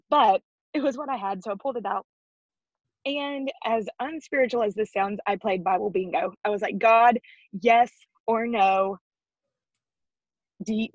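Husky woman in her thirties, earnest. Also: medium pitch, a little mellow, no room sound, highs cut off. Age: 30s. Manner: earnest and emotional, often laughing, near tears. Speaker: interview guest. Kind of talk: personal faith story in an interview.

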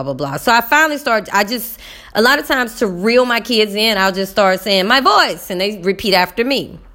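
A woman teacher telling her viewers a classroom story in a casual, animated way, acting out voices and speaking to them as y'all. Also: mid-range voice. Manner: animated, talks to viewers as y'all, acts out dialogue. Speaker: middle school teacher.

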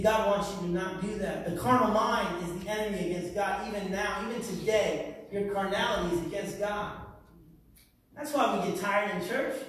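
Male pastor, conversational sermon, high voice, heavy echo, far-off mic. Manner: conversational, with frequent "you know" asides. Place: church. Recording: echoey hall, distant mic.

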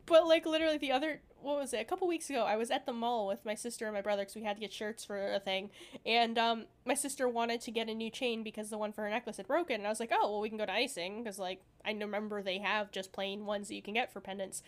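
A woman's voice: on the high side, steady tone, fast talker. A young woman co-hosting a podcast, chatting casually and rambling with lots of fillers and laughter. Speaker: podcast co-host. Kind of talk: casual chat.

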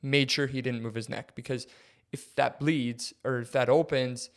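A young podcast co-host tells a story casually at normal speed. He's animated, acting out quotes with big jumps in his voice.

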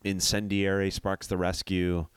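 A man with a very deep, smooth voice, though stuffy and nasal from a cold, chats casually on a podcast. He talks with candid enthusiasm, recorded dry and close to the mic. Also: completely flat delivery, measured pace, dry recording. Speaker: podcast co-host. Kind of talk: casual chat.

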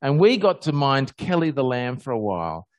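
An Australian man giving a conversational sermon, telling personal stories with animated jumps up in pitch. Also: normal speed, no room sound. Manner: animated storyteller, pitch jumping high on happy moments.

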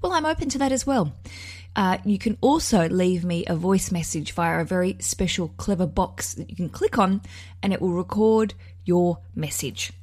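A woman's voice: lowish voice, animated, normal speed, darkish tone, no room sound. A chatty woman in her thirties with an Australian accent hosts her podcast. She talks casually and pokes fun at herself. Her voice is close and dry, with no room around it. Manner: chatty, self-deprecating, laughs easily. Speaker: podcast host. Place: outdoors at a party for the interview.

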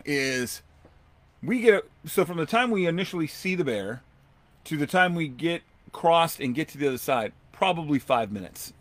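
A man hosting a podcast, telling a long outdoor story in a rambling, animated way and acting out what people said. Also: on the high side, moderate pace, no room sound. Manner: rambling, animated, acts out quotes. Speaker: podcast host. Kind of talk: casual storytelling.

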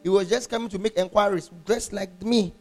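A man preaching a sermon, animated, half-singing his phrases, laughing and quizzing the congregation. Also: high-pitched, fairly quick, faint music behind. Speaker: pastor.

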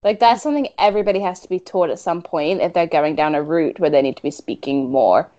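A woman with a slightly low voice co-hosting a casual podcast. She jumps in with firm opinions and asides. The audio sounds a little dull and lo-fi. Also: mellow. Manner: opinionated, quick to jump in. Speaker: podcast co-host.

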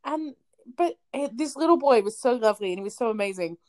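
Chatty woman co-host, higher voice. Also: expressive, quick pace, a little mellow. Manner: chatty storyteller, laughs often. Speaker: podcast co-host. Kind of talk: casual chat.

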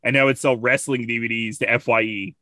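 A man's voice: medium pitch, fairly even intonation, fairly quick, pushed and bright, dry recording. A man with a mid-range voice hosts a casual podcast. He chats easily, laughs often, and reads out odd news stories. His voice sounds close and dry. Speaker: podcast host. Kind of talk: casual chat.

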